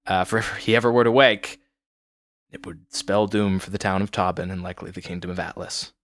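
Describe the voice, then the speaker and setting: A man voicing a calm, serious village woman. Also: sits low, fairly quick, no room sound, clean studio sound, voice pushed down. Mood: grave.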